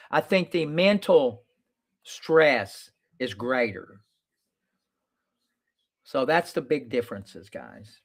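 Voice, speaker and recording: A man's voice: medium pitch, fairly bright tone. Blunt plain-spoken man lawyer. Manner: storytelling, reenacts his own past lines. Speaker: lawyer and show host. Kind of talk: casual monologue to viewers.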